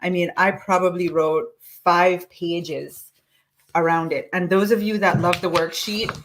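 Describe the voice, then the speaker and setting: Lowish-voiced woman coaching slowly. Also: slight background noise. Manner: slow, deliberate recitation of affirmations; encouraging, with frequent restarts. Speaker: life coach leading a live session. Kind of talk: live online coaching session.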